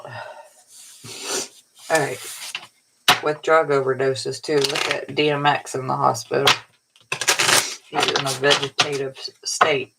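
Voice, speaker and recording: A woman's voice: extremely low pitch, flat delivery, slow pace, long pauses, heavy background noise. A woman tarot reader giving a casual, rambling spiritual pep talk in a colloquial way, sounding tired. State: tired, yawning.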